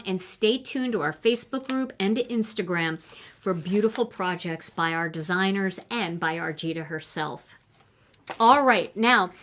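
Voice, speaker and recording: A woman's voice: medium pitch, a bit bright. An older woman hosting a livestream product showcase, talking enthusiastically and reading card greetings aloud in a chatty way. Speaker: host presenting new craft products.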